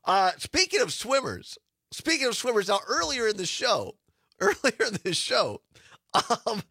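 A man's voice: sits high, huge pitch swings, unhurried, pushed and bright, husky, no room sound, clean studio sound. A man hosting a casual radio talk show, chatty and laughing often as he reads promos.

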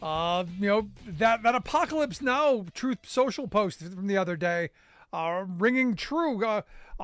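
A man's voice: high-pitched, lively intonation, normal speed, dry recording, clean studio sound. A male radio talk show host chatting about politics, casual and full of fillers and restarts. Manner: conversational, many fillers and restarts. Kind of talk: reading a history segment.

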